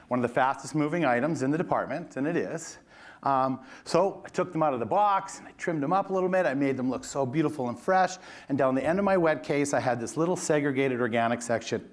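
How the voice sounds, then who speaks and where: A middle-aged man speaking from a conference stage to an audience. He tells his story with an easy, self-deprecating humor, and his voice stays in a plain middle register as he shifts between anecdote and industry figures. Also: mid-range voice. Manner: animated, self-deprecating storyteller who mimics his boss. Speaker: keynote speaker.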